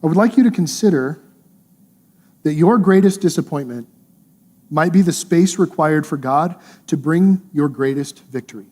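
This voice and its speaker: A male pastor preaches in an earnest, conversational manner and drives his points home with repetition. His voice is fairly high for a man, with a mellow, warm tone. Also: normal speed. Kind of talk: sermon.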